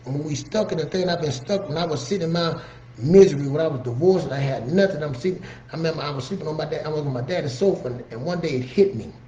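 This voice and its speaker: Brief: fairly high-voiced man, earnest motivational storyteller, roomy dull recording. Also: quick pace, dark tone, a little hiss or hum. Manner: earnest, conversational, frequent "you know what I'm saying". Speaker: motivational speaker. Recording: roomy, slightly dull recording with faint ambience.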